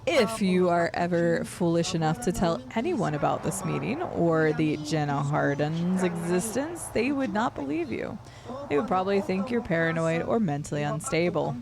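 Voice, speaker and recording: A woman reading out the lines of a secretive male bounty hunter recruiter in a video game, measured and solemn. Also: fairly low pitch, very animated, gravelly.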